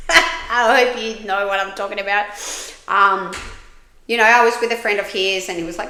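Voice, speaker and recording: A woman's voice: mid-range voice, steady tone, moderate pace, pauses often, pushed and bright, echoey room. A woman hosting a podcast, telling her own story in a frank, candid way, swearing freely and often restarting her sentences. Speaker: podcast host.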